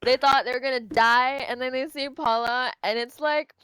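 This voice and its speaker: A woman's voice: high-pitched, fairly even intonation, moderate pace, pushed and bright, smooth, low-quality recording. A woman playing in a tabletop game, emotionally describing her character's reactions in first person. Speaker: player. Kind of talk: in-character tabletop role-play.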